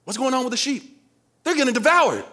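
A man's voice: sits high, drawn-out words, husky, voice pushed up, exaggerated voice. A man putting on the voice of a bored, mischievous shepherd boy in a retold story. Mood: alarmed. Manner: excited, exaggerated storytelling voice.

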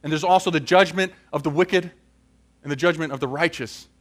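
A man's voice: fairly high pitch, fairly quick. A man preaching a sermon and closing in prayer, earnest and building to emphatic questions.

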